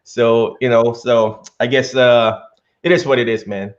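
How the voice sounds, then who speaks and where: A man's voice: mid-range voice, level tone, measured pace, lo-fi sound. A man with a Filipino accent hosting a casual interview, chatty and upbeat. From Philippines. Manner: upbeat, chatty, laughs easily. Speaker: podcast host.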